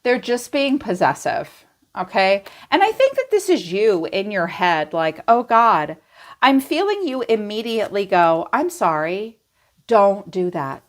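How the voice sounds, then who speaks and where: A woman's voice: mid-range voice, sing-song, a little slow. A woman giving a casual tarot reading, talking straight to her viewers in a blunt, chatty way. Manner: blunt, chatty, swings into playful quoted voices. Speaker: tarot reader.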